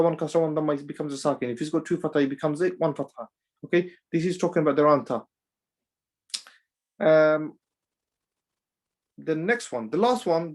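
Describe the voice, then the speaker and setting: A man teaching Quran recitation rules in a class, halting and full of restarts, driving each rule home by repeating it. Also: on the high side. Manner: drills rules through repetition. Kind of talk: online class lesson.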